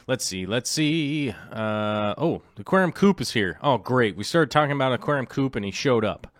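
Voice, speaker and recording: A man's voice: medium pitch, lively intonation, moderate pace, dry recording, studio quality. A middle-aged man hosting a live stream, chatting casually and rambling with lots of fillers and jokes. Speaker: livestream host.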